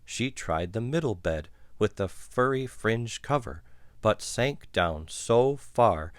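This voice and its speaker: A man reading a children's picture book aloud in an unhurried, expressive way. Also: on the low side, no room sound, clean studio sound. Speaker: storyteller.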